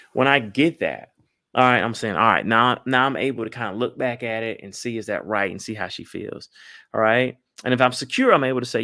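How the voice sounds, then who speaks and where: A man giving lively marriage advice to a crowd, folksy and animated, often calling out to the audience. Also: lowish voice, gravelly, no echo, clean studio sound. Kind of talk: lively talk to a live audience.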